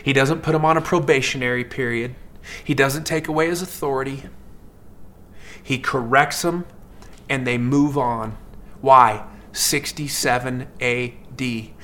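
A man preaching a sermon in a lively, conversational way, acting out characters in quick asides. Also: mid-range voice. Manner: animated, acts out characters in asides; fast, conversational preaching with many fillers. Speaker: pastor.

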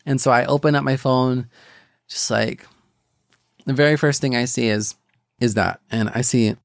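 Gravelly young man sharing a faith story. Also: medium pitch, steady tone, no room sound, studio quality. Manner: rambling, halting, many restarts and fillers. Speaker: podcast host. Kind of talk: personal faith testimony.

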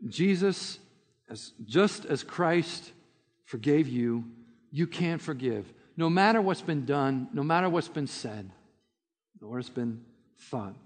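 A man's voice: on the high side, animated, slow, in a large hall. A man preaching a sermon, telling a story and speaking directly to his listeners. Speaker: pastor.

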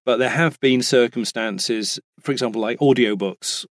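British male voice actor, relaxed guest, halting restarts, dead-dry booth sound. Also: mid-range voice, dry recording. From Britain. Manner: chatty, hesitant with frequent restarts. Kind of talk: casual interview chat.

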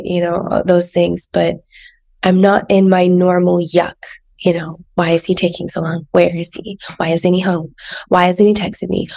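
A woman's voice: fairly low pitch, vocal fry, dark tone. A woman life coach hosting her own podcast in a chatty, personal way, with frequent asides. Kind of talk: casual solo podcast talk.

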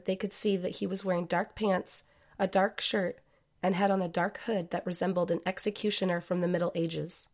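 A woman narrating a true-crime story in a measured, scripted way. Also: on the low side, a little mellow.

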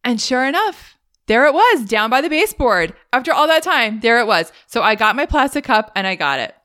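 A young adult woman hosting a podcast, telling her own stories in a casual, animated way with frequent laughs. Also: a little fast, no echo, clean studio sound. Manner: animated, laughs often, rises high when retelling panic. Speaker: podcast host. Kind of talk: casual storytelling monologue.

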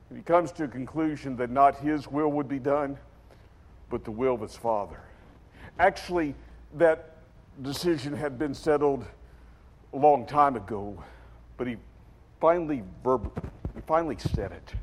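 A man preaching a sermon as dramatic storytelling, acting out scenes in character voices and swinging from shouts to quiet. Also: mid-range voice, normal speed, pauses often. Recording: long hall reverb.

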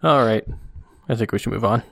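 A man co-hosting a podcast in casual chat, relaxed and chuckling, reading comics aloud. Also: on the low side, fairly quick, gravelly, no room sound, studio quality. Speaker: podcast co-host.

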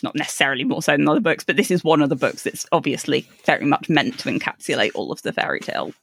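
A chatty woman co-hosting a book podcast, her voice carrying a gravelly rasp. She laughs easily and drifts into animated asides. The sound is close and dry, with no room behind it. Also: deep voice, fast, no room sound. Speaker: podcast co-host. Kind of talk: casual book discussion.

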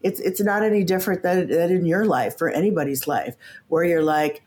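A woman in her fifties with a low voice, a coach and author, appears as a podcast guest in a casual interview chat. She talks fairly quickly and animatedly, stammering at the start of phrases and acting out quoted voices.

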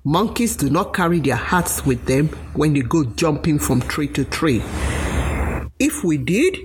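A woman voicing an excitable, trusting male monkey king in a high, squeaky voice for a storybook tale. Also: a little slow, noisy background. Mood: clever.

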